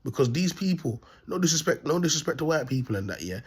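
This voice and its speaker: A man's voice: on the high side, very animated, quick pace, breathy edge. A man talking to camera in a rambling, repetitive monologue, laughing at his own points and checking in with his listeners again and again. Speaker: self-styled prophet vlogger.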